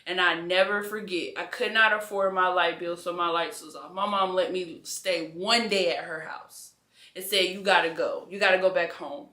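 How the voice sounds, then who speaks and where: A woman's voice: lowish voice, steady tone, normal speed, bright, forceful tone. A young adult woman giving an earnest, conversational personal faith testimony as an interview guest, with casual slang. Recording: echoey room.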